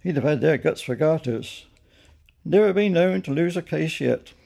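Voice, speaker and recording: A man's voice: on the high side, animated, moderate pace, gravelly, a little mellow, pitched above the performer's own voice. An older man voicing an opinionated male fruit and vegetable trader in a storybook reading. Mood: knowing.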